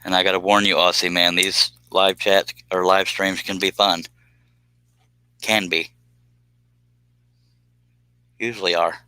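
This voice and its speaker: A man's voice: deep voice, little pitch movement, a little slow, long pauses, pushed and bright, clean tone, no room sound, low-quality recording. A man, casually chatting and joking with viewers on a live stream while doing scroll saw work in his workshop.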